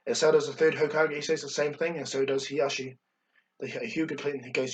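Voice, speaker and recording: A man's voice: medium pitch, fairly even intonation, fairly quick, distant mic. Rambling man retelling a fan story. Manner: rambling, full of fillers and restarts. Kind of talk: casual fan-fiction retelling.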